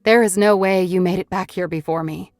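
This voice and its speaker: A wary woman FBI agent, as the narrator voices her, firing off tense, sharp questions in a raised, louder voice. The tone is a little lower than most women's, and the recording is dry and close. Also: steady tone, brisk, dry recording, soft background music, lightly acted. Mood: alarmed.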